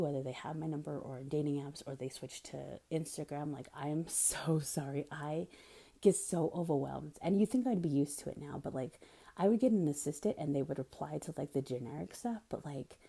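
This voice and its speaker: This is a young woman hosting a casual podcast. Her voice is low, husky and gravelly, with a mellow tone. She talks candidly and bluntly, and sometimes sinks into a whisper. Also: fairly quick. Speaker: podcast host. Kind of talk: casual monologue.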